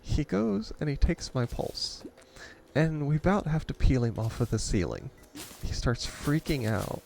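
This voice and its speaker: A man's voice: a little high, big pitch swings, a little slow, gravelly, darkish tone. A man hosting a gaming channel, rambling through a story in a casual way and chuckling often between remarks. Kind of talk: casual storytelling over gameplay.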